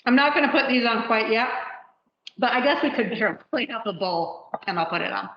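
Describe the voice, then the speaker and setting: A woman's voice: a little high, brisk, creaky. A woman teaching a live cooking demonstration, chatting and thinking aloud with plenty of fillers. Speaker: cooking instructor. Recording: roomy, dull lo-fi livestream audio.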